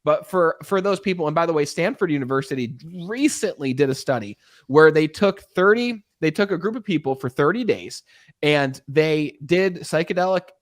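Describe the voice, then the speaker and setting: Earnest, talkative man with a slightly high voice. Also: animated, normal speed, dry recording, clean studio sound. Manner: talkative, earnest, acts out quoted dialogue. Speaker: podcast host. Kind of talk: casual conversation, storytelling.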